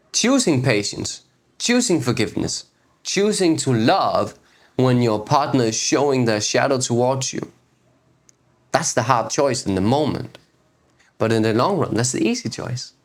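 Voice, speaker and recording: Unhurried man teaching spiritual wisdom. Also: medium pitch. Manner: unhurried, repeats phrases, asks rhetorical questions. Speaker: host of a spiritual video series. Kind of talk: reflective teaching talk on spiritual texts.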